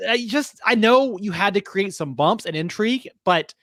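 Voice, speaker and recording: A man's voice: sits high, expressive, moderate pace, fairly bright tone, no echo. A man co-hosting a podcast, giving his opinions in a wry, casual way with lots of rhetorical questions. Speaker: podcast co-host.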